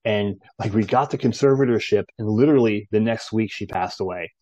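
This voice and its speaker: A man in casual chat, a real estate agent who laughs easily and reacts in a lively way. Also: on the low side, a little fast, no echo, muffled recording.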